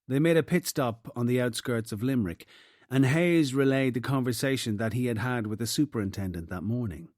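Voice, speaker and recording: A man reading a crime novel as narrator in a steady, even manner. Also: mid-range voice, dry recording, clean studio sound. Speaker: audiobook narrator. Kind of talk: scripted narration.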